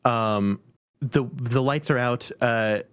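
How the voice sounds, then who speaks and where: A man narrating as game master in a tabletop game, mid-pitched and halting, often pausing and restarting his lines. The recording is dry and close, with no room sound. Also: clear, resonant tone, no room sound. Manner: halting, full of fillers and restarts, chuckling.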